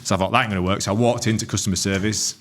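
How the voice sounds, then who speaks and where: A man's voice: lowish voice, steady tone, rapid-fire, a bit bright, a little hiss or hum. A man, co-hosting a casual podcast, telling a story with plenty of swearing and acting out what each person said. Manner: sweary storytelling, acts out both sides. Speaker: podcast co-host. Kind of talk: casual chat.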